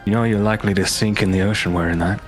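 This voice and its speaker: A man as a player in a tabletop game, speaking slowly and hesitantly in a low-key way. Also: fairly even intonation, soft background music. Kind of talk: casual tabletop role-play.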